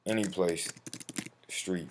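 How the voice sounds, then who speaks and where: Man, very low voice, relaxed street-slang delivery, walks viewers through a form over keyboard clicks. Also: takes it slowly, a little hiss or hum. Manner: slangy, addresses viewer as bro; profane when flustered. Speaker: tutorial host. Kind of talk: casual screen-recorded walkthrough. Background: keyboard typing and mouse clicks.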